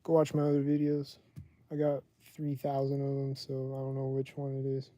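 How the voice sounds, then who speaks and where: A man running his own livestream podcast talks casually and drifts around, using "like" heavily. His mellow mid-range voice has a completely flat delivery at normal speed, with no room sound.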